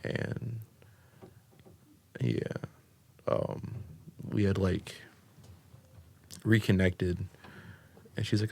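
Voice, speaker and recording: American man, deep voice, gravelly, rambling podcast guest. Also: steady tone, takes it slowly, long pauses, a little mellow, slight background noise. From United States. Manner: rambling, filler-heavy with constant "like" and "um". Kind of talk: casual storytelling.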